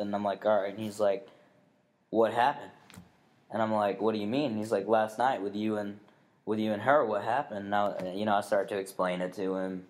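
A young man co-hosting a casual podcast, telling a story with lots of fillers, restarts and swearing. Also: fairly low pitch. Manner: rambling, swears often, many fillers and restarts. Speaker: podcast co-host.

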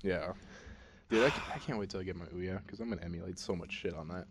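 A man's voice: deep voice, quick pace, slightly rough. A young man co-hosting a casual podcast, rambling and laid-back with lots of fillers. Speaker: podcast co-host. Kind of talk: casual chat.

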